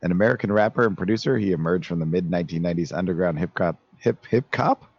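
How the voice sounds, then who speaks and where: A man co-hosting a casual podcast, his voice hoarse from being sick, reading notes and laughing often. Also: sits low, fairly even intonation, rapid-fire, highs cut off. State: hoarse from illness. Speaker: podcast co-host. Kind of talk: casual chat.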